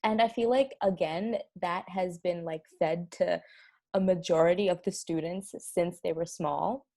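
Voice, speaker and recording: A young woman with a New Zealand accent, co-hosting a casual podcast in a relaxed, agreeable way with many fillers. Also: on the low side, unhurried, gravelly. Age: young adult. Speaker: podcast co-host. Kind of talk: casual chat.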